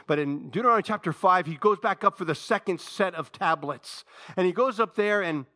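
A male pastor preaching with a fervent, dynamic delivery, moving between hushed stretches and loud, rising passages. His voice is somewhat high for a man, and it has a bright, forceful edge. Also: a little fast. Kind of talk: sermon.

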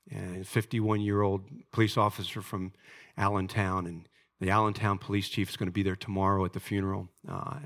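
A man's voice: low-pitched, fairly bright tone. A pastor giving an earnest, emotional sermon and speaking directly to his congregation.

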